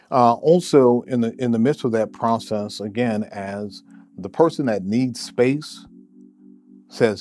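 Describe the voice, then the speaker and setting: A male therapist giving relationship advice in a measured way, often repeating words as he thinks. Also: fairly low pitch, warm tone. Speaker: therapist answering a listener question. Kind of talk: advice talk to camera.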